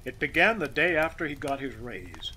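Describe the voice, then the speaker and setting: A man narrating a classic story as an audiobook reader, expressive and measured. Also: medium pitch, a little hiss or hum, poor audio.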